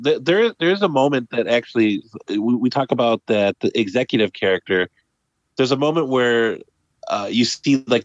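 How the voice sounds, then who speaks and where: Male podcast co-host, animated and casual, dry muffled recording. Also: medium pitch, no room sound. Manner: animated, acts out characters' lines. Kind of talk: casual film discussion. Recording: dull lo-fi sound.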